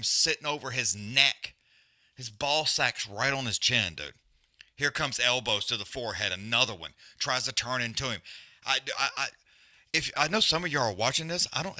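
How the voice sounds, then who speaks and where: A man's voice: medium pitch, sharp tone, no room sound, clean studio sound. Profane man doing live fight chat. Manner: profane, rambling, frustrated with stream glitches. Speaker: livestream host. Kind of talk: casual live fight commentary.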